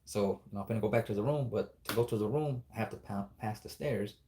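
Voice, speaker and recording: A man's voice: on the low side, fast talker, mellow, slight background noise. A man telling a spooky story in a casual, rambling, profane way, acting out the dialogue as he goes.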